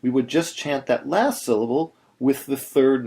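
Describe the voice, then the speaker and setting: In this video lesson, a man with a medium-pitched, dark-toned voice walks through Torah chanting step by step, pausing to chant slow demonstrations.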